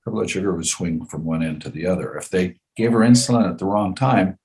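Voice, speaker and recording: An older man in his seventies with a very low voice recounts a story from his own life in relaxed conversation. He repeats phrases for effect and chuckles often as he talks. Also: fairly quick. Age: 70s. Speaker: guest storyteller.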